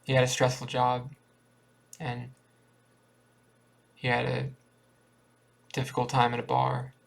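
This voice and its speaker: Creaky-voiced man reading a story. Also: mid-range voice, takes it slowly. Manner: plain, steady reading with small restarts. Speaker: reader. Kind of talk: reading a short story aloud.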